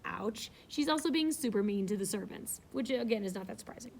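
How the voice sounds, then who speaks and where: A woman's voice: medium pitch, lively intonation, fairly quick, creaky, darkish tone, slight background noise. A woman reading a novel aloud and breaking off to explain it in a chatty, casual way.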